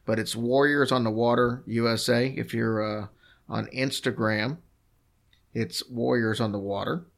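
A man's voice: medium pitch, fairly even intonation, a little slow, creaky. A man co-hosting a podcast in easygoing, rambling casual chat, with plenty of fillers. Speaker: podcast co-host.

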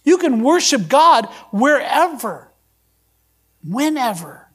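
Man, pastor, high voice, sermon, reads scripture aloud, questions the congregation. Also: big pitch swings, slow pace, a bit bright, slightly rough.

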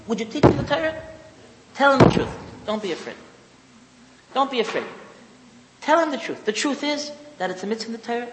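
A man's voice: very high voice, big-room sound, slight background noise, low-quality recording. A man giving a religious lecture to an audience, emphatic and repetitive, mixing in Hebrew and Yiddish terms. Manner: emphatic, repeats key phrases, mixes in Hebrew and Yiddish terms.

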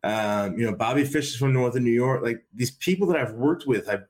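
A wrestling commentator, appearing as a podcast guest, rambles casually in a darkish, medium-pitched voice at a fairly quick pace, repeatedly restarting and leaning on the same fillers.

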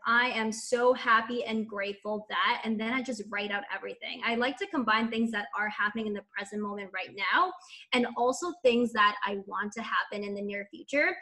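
A woman's voice: mid-range voice, sharp tone. A woman guest on a podcast, answering enthusiastically and gushing about her practices, with lots of "like" and light laughter. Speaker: podcast guest, spiritual coach. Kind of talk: upbeat podcast interview answers. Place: lives in Montreal.

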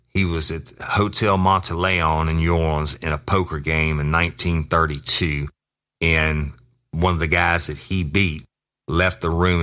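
A middle-aged man, a podcast host and former deputy, telling a profane true-crime story in a gruff manner. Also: a bass voice, pushed and bright. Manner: gruff, swearing, acts out both sides of a tale.

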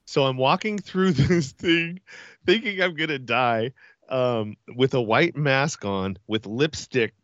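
A man telling a funny story as a podcast guest, animated and laughing as he talks. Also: medium pitch, slow pace, no room sound, highs cut off. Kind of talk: casual storytelling.

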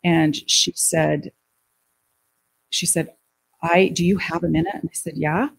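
A woman telling a personal story as an interview guest, acting out what people said in lively quoted dialogue. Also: deep voice, a little slow, vocal fry, husky.

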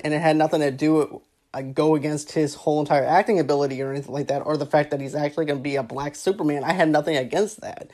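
Woman with a really low voice chatting about movie trailers, rambly, keeps saying actually. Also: darkish tone. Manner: rambling, repeats "actually" and "go on ahead". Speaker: movie news commentator. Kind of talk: casual movie commentary.

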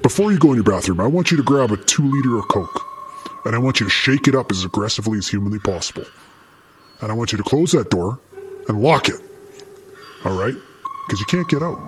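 A man, a paramedic, telling a story in an energetic, profane way and speaking straight to the listener. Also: mid-range voice, slight background noise. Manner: energetic, swears freely, addresses the listener directly.

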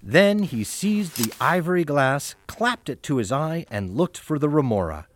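A man's voice: on the high side, a little slow. A man narrating a fairy tale in a playful, scripted storybook style, turning now and then to address the listeners directly. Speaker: audiobook narrator. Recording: home recording with steady background hiss.

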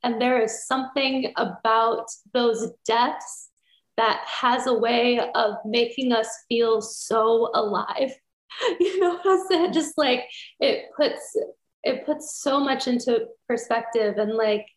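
A woman hosting a heartfelt conversation, speaking in a reflective, spiritual way with gentle filler words. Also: a little high, fairly even intonation, takes it slowly. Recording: echoey room.

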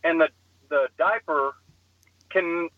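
A young man on a podcast telling a comic story in an animated way, acting out the voices. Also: fairly high pitch, slow, dry recording, narrow, tinny audio.

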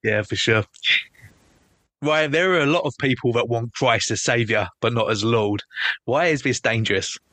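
Male podcast host, medium pitch, dry sound, direct and friendly. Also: moderate pace, fairly bright tone, no echo. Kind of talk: interview questions.

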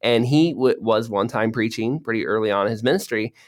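A man talks through the background of a sermon in an easygoing, conversational way. His voice sits a little low, and he tells his stories loosely, with fillers along the way. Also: a little fast. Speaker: narrator introducing a sermon. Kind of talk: casual spoken introduction.

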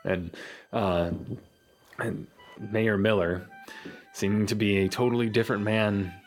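A man narrating as game master of a tabletop game, halting and full of fillers. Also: fairly low pitch, steady tone, faint music behind.

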